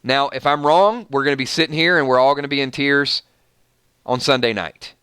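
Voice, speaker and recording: Southern guy ranting on his livestream, bright punchy voice, dry close sound. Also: medium pitch, a little fast, smooth, dry recording. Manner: emphatic, gets fired up and rants to viewers. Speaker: YouTube channel host.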